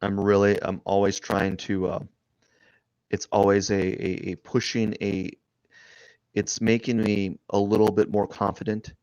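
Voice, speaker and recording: A man streaming live as he draws, rambling and thinking aloud, restarting his sentences and often trailing off quietly. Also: on the low side, flat delivery, a little slow, clean tone, no echo, highs cut off. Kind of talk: casual live-stream narration while drawing.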